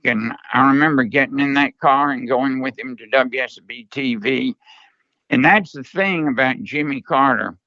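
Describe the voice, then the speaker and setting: Older guy telling an old story, bright clear voice, dry kinda dull sound. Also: medium pitch, no room sound. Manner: slow, earnest storyteller. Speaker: interview guest. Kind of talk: storytelling interview.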